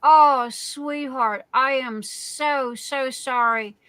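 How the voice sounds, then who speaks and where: A woman's voice: sits high, fairly even intonation, extremely slow, fairly bright tone, clean tone, no room sound. A middle-aged woman from Southern Arizona hosting a live stream, chatting casually and telling stories with laughs. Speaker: livestream host.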